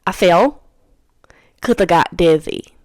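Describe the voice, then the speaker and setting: A woman's voice: lowish voice, slow, darkish tone, no echo, clean studio sound. A young woman hosting a podcast, telling a personal story in a casual, rambling way and often repeating her own phrases. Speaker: podcast host.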